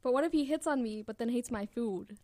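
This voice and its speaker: A woman with a high, bright voice chats as a podcast guest, teasing playfully and laughing easily. She talks casually in a relaxed back-and-forth. The recording is dry and close to the mic. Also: a little fast, dry recording. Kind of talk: casual chat.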